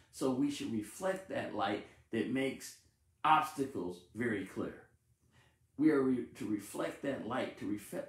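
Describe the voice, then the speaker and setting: A man's voice: medium pitch, reverberant. A married man preaching a sermon, repeating phrases with emphasis and stumbling over words now and then. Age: adult, married with family. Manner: repetitive, emphatic call-and-response preaching with stumbles.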